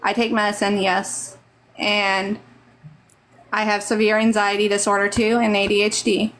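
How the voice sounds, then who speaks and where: A woman's voice: mid-range voice, little pitch movement, normal speed, fairly bright tone. A woman from Texas with a Texan accent, giving rambling, earnest, motherly advice on a live stream over a phone mic.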